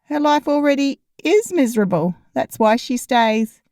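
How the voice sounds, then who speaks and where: A playful young man with a dry wit, teasing and stretching out his punchlines, as a woman reading a novel puts him on. His voice sits on the mellow, soft side, close to the mic in a dry booth. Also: high-pitched, lively intonation, dry recording, pitched above the performer's own voice. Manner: gently mocking, drawn-out teasing.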